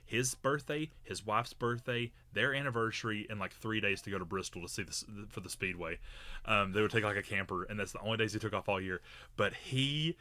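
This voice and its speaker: A man's voice: lowish voice, a little fast, sharp tone, no echo. A man co-hosting a podcast, telling a long story in a rambling, casual way with many fillers and restarts. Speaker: podcast co-host.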